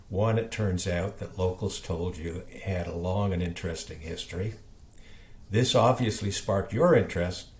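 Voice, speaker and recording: A man in his seventies interviewing an author, asking prepared questions in a measured, orderly way. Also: sits low, darkish tone. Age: 70s. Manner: measured, reads structured questions.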